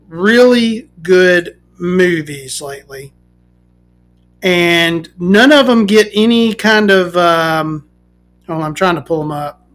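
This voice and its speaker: A woman hosting a podcast, ranting casually and swearing, swinging from loud outbursts to muttering. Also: fairly low pitch. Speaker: podcast host.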